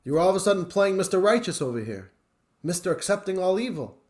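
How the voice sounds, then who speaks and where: A man, a rabbi, giving a weekly Torah lesson as an animated storyteller who swings between loud and hushed. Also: high voice, fast.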